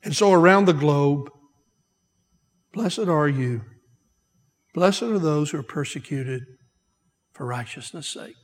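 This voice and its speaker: A man preaching a sermon as pastor, emphatic, repeating key phrases and slowing down to stress them. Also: fairly high pitch. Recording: long hall reverb.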